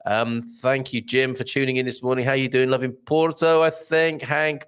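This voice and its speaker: A man's voice: moderate pace, hardly any pauses, clean tone. A man hosting a casual live stream, reading viewer comments aloud in a chatty, rambling way with lots of fillers. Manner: chatty, rambling, lively pitch, many fillers.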